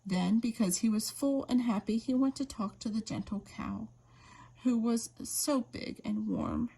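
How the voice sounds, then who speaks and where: A woman reading an old bedtime story aloud in a gentle, unhurried way. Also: a little high, creaky, breathy edge.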